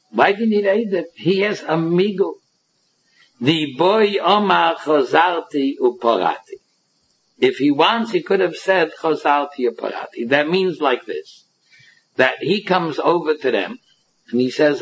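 A man teaches a Talmud lecture in a fairly high, husky voice. He walks through each passage by acting out the claims of both sides. The recording is dull and lo-fi. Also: expressive, unhurried.

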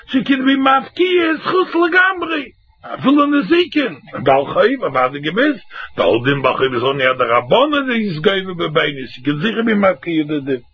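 A man teaching a Talmud class, acting out both sides of the argument in an animated singsong. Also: sits high, husky. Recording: dull lo-fi recording.

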